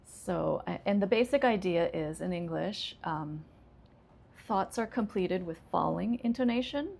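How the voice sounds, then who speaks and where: A woman ESL teacher, calmly explaining English intonation with frequent fillers. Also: lowish voice, vocal fry. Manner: relaxed, explains slowly with many fillers.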